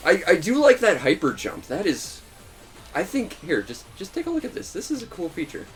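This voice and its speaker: A man's voice: high-pitched, wildly swooping pitch, brisk, soft background music. A young man hosting a casual gaming video, rambling and laughing often. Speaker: let's play host.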